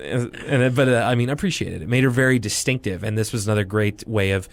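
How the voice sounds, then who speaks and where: A man's voice: lowish voice, fast, creaky, a little hiss or hum. A young man co-hosting a casual podcast, enthusiastic and jokey as he recaps a cartoon. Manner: enthusiastic, jokey, says "dude". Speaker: podcast co-host.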